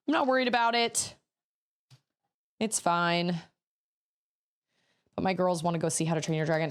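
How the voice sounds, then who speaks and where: A woman in her thirties chatting casually on a livestream, rambling to herself as she builds, her voice a little rough. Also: lowish voice. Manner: chatty, rambling, self-talking while building. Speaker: streamer.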